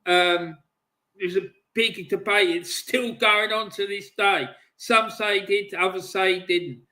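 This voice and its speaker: Angry guy ranting about football, high bright voice, swearing and yelling. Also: steady tone, unhurried. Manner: furious, sweary, shouting bursts. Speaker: football channel host. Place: at home, stepped off camera.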